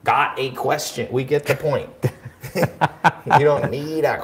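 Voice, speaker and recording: Blunt, animated man in a roomy room. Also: medium pitch, slow pace. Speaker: host reviewing viewer websites live. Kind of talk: live stream critique.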